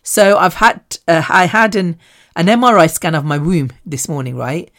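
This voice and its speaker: A woman, hosting a solo podcast and telling personal stories in an animated, chatty way, often laughing. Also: moderate pace. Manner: animated and chatty, with frequent laughs and big swings in pitch. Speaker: podcast host.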